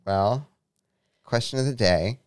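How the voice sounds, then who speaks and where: A young man, a show's producer, chatting casually in a relaxed way. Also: mid-range voice, takes it slowly, no echo, studio quality. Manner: relaxed, laid-back talk with fillers. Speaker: executive producer. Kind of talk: casual chat.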